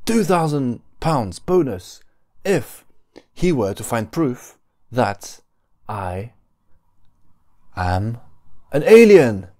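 A man's voice: medium pitch, a little mellow, pitched above the performer's own voice. A man voicing an overexcited male video host who breathlessly hypes up stunts.

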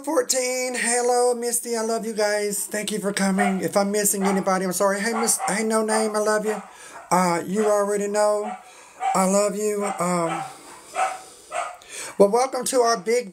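A woman's voice: mid-range voice, noisy background. A woman, chatting on a phone live stream and greeting viewers by name. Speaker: livestream host. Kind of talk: casual live stream chat. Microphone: phone on a stand.

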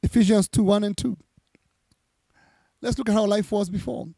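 Preaching at a normal speed with fairly even intonation, this male pastor reads scripture and goes back over key lines to stress them. His voice is high, mellow and creaky, and the recording is close and dry.

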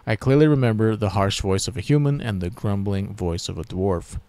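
A man's voice: lowish voice, normal speed, mellow, no room sound, close to an everyday voice. A man voicing an imprisoned male wood elf wine-maker who pleads his innocence. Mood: pleading.

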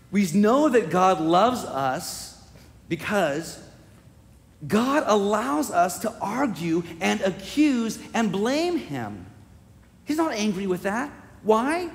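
A male pastor delivers a heartfelt sermon at a slow, deliberate pace, his voice sitting high. His phrases swell into emphatic repetition. The sound carries the long reverb of a church sanctuary.

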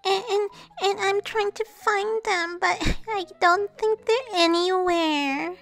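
A woman's voice: very high voice, fairly even intonation, very slow, fairly bright tone, faint music behind, full character voice. A woman voicing a small lost girl doll who stammers through sobs, scared and alone. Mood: tearful. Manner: sobbing, stammering.

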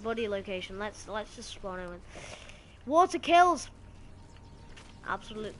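A woman giving excitable live gameplay commentary, yelping and shrieking as the action happens. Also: mid-range voice, fairly quick, slight background noise. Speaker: gamer streaming live.

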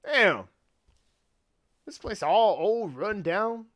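A man giving gaming commentary, excitable and profane, reacting out loud as he plays. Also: high-pitched, drawn-out words. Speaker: gaming video host.

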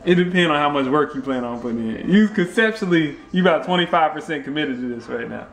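A young man hosting a home vlog in his kitchen, joking in a playful, animated way. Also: on the high side, fast talker. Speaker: vlogger, expectant father.

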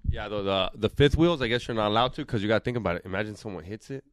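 A man's voice: lowish voice, very fast, dry recording, clean studio sound. A young man, telling a rambling road-trip story in casual podcast chat and slipping in Spanish slang. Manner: animated storyteller, mixes in Spanish slang and quoted voices. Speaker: podcast co-host. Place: podcast studio.

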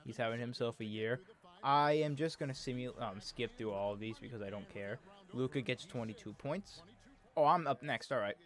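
Male game commentator, casual, prone to exasperated complaints, average pitch.

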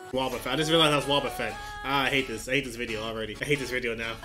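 A man giving excited live reaction commentary to an anime battle, exclaiming and laughing often. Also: medium pitch.

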